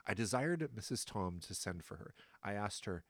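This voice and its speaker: A man reading aloud the testimony of a stern male colonial judge, in his own deliberate voice with no put-on accent. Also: fairly low pitch, expressive, a bit bright, dry recording.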